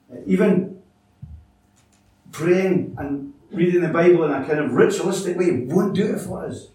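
A man preaches with earnest, halting sincerity, often restarting his sentences as he works through a point. His voice is mellow and sits a touch high, and it is picked up from a distance in a very echoey church. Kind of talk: sermon.

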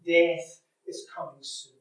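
A man, a minister preaching a sermon with earnest emphasis that swells on key points and drops away softly at phrase ends. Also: on the high side, monotone, takes it slowly, heavy reverb, distant mic, low-quality recording. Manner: earnest preaching, rising in force to stress points, trailing off softly at line ends.

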